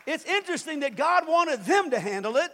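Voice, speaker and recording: A man preaching a sermon in an animated way, swinging between loud bursts and quiet asides and acting out voices. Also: very high-pitched, a little fast, creaky. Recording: long reverb of a large hall.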